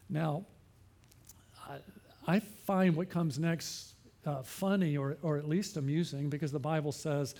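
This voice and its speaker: A man's voice: high-pitched, a little slow, darkish tone. A male pastor preaching a sermon, earnest, asking questions and repeating phrases for emphasis.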